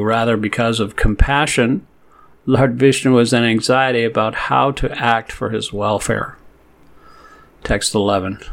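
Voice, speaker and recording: A man reading scripture aloud in a middle-pitched voice, chanting the verses slowly and then moving steadily through word meanings and commentary. He stumbles and corrects himself now and then, in an earnest, halting way. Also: fairly bright tone. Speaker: scripture reader.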